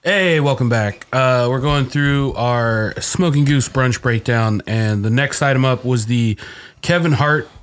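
A man's voice: medium pitch, unhurried. A man hosting a podcast, explaining the dishes he cooked in an easygoing, rambling way. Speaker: podcast host and cook. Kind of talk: relaxed podcast chat.

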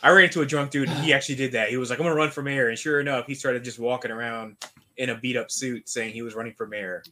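A man trades jokes and short anecdotes on a casual podcast. His voice sits at an ordinary pitch. He often drops in quick funny lines. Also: fairly even intonation, sharp tone, a little hiss or hum. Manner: quick joking asides. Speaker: podcast co-host. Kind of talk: casual chat.

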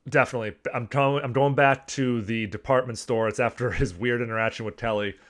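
A man's voice: mid-range voice, steady tone, a little fast, fairly bright tone. A man co-hosting a podcast who recounts scenes as an upbeat storyteller in casual chat. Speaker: podcast co-host.

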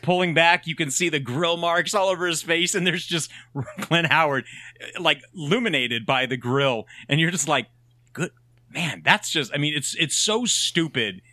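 A man co-hosting a casual podcast, laughing as he excitedly recounts movie scenes. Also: fairly high pitch, normal speed, no echo. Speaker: podcast co-host. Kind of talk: casual movie recap chat.

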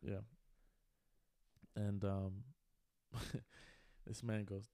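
A man's voice: fairly low pitch, flat delivery, measured pace, vocal fry, long pauses, warm tone, no echo, clean studio sound. A man in his twenties co-hosting a podcast, telling a long story in a laid-back way, full of slang and fillers. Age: 20s. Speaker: podcast co-host. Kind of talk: casual chat.

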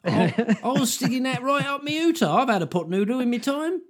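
Man doing a fake cockney voice, posh drug user, squeaky high pitch, exaggerated, mock-apologetic. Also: lively intonation, brisk. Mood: mock-innocent.

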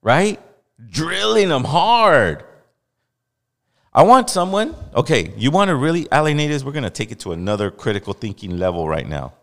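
A man's voice: mid-range voice, big pitch swings, quick pace, few pauses, in a large hall. A man from Los Angeles hosting a podcast, giving blunt, heated commentary with repeated emphasis. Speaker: podcast host. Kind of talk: casual opinionated commentary.

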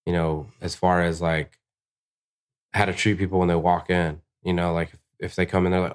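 A man's voice: fairly quick, a little hiss or hum. A man in his thirties, a tattoo artist, telling casual, profane stories and acting out quotes in a raised voice. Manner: profane, animated, acts out quotes in higher voices. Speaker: tattoo artist, podcast guest. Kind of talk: casual storytelling chat.

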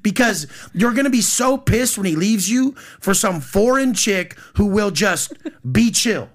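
A man's voice: sits high, lively intonation, a little slow. A man in his thirties, a podcast guest, ranting bluntly and confrontationally with heavy profanity. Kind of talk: heated podcast rant.

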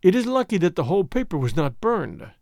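A man voicing a cunning male spy who speaks quietly and placidly, with dry sarcasm. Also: high voice, big pitch swings, brisk, no room sound. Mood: coolly sarcastic.

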